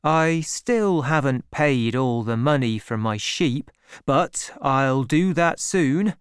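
A man's voice: medium pitch, animated, takes it slowly, smooth, no room sound, studio quality. A man reading an earnest young shepherd. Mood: earnest pleading. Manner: earnest, gentle, pleading. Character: earnest young male shepherd farmer, pleading in love.

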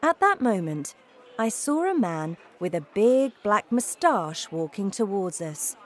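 A woman reading a children's storybook aloud as narrator, with a slow, expressive delivery. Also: medium pitch. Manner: slow, lively intonation.

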